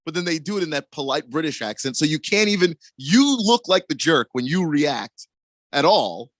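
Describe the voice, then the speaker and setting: A man's voice: on the high side, very animated, normal speed, a bit bright, no room sound. A man co-hosting sports talk radio, talking casually with frequent restarts and chuckles. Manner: stammering restarts, laughs while talking.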